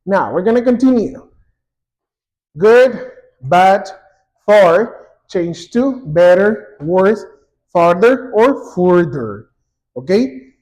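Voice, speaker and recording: A man teaching an English grammar lesson, saying example words twice, slowly and clearly. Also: high voice, lively intonation, darkish tone. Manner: slow and repetitive, drawing out example words.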